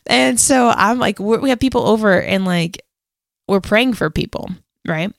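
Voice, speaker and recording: A woman's voice: medium pitch, normal speed, vocal fry, dry recording, studio quality. A woman co-hosting a casual faith podcast, telling a story in a chatty, rambling way full of "like" and self-deprecating laughs. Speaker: podcast co-host.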